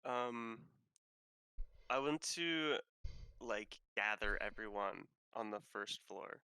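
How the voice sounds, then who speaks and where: Bright, smooth-voiced hesitant player. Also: male voice, on the low side, slow, dry recording, rough recording. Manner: hesitant, filler-heavy. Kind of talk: tabletop game chat.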